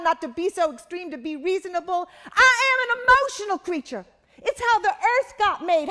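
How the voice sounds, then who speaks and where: A woman performing a passionate, dramatic spoken-word monologue. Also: very high voice. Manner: passionate, building to shouted refrains.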